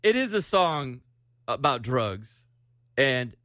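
A man's voice: mid-range voice, very animated, slow pace, bright, forceful tone, dry recording, studio quality. A man hosting a casual radio show, telling news stories in a chatty way. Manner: chatty, storytelling news items. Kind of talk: casual morning radio chat.

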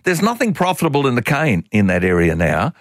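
A man's voice: mid-range voice, fairly quick, no echo. An older Australian man hosting talkback radio, talking in a folksy, opinionated and exasperated way. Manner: animated, exasperated, folksy opinionated talk with laughs.

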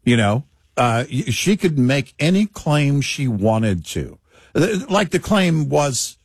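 A man co-hosting a talk radio show, sarcastic and animated, with laughing asides. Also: medium pitch, slow pace, no room sound, clean studio sound. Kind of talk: casual talk radio banter.

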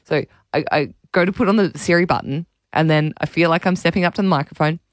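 A woman's voice: deep voice, fast, slight background noise. A woman radio host chatting casually and animatedly, poking fun at herself. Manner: chatty, self-mocking, animated storytelling. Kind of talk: casual chat.

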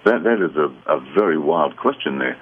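Deep husky man on a phone line. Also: animated, normal speed. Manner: earnest, reassuring advice. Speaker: psychic guest. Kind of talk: radio call-in chat.

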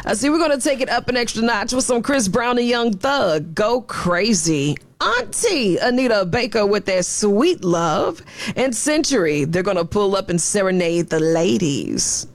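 A woman's voice: mid-range voice, lively intonation, moderate pace. A woman working as a radio DJ, chatting playfully between songs with a teasing, upbeat delivery.

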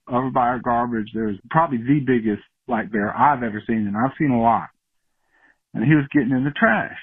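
A man from Florida calling in to a radio show to tell a story in a brisk, matter-of-fact way. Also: medium pitch, no room sound. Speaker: caller. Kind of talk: phoned-in voicemail story. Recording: husky phone line.

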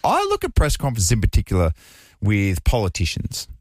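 A man's voice: fairly low pitch, huge pitch swings, a little fast, no echo, clean studio sound. A man co-hosting a breakfast radio show, chatting and joking with his co-host and reading out promos. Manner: chatty, joking, reads phone numbers and promos. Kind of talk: casual on-air banter. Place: radio studio. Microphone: studio microphone.

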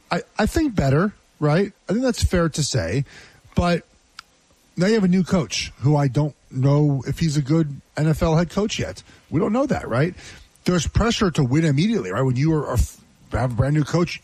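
A former football player talks through games on sports radio, thinking aloud with many restarts. His voice is husky, and the sound is dry and close. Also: mid-range voice, a little mellow, dry recording.

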